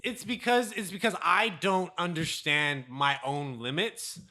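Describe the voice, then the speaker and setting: Young male podcast co-host, slightly high, bright voice, animated storyteller. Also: a little slow. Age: young adult. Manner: animated storyteller, laughs often. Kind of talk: casual chat.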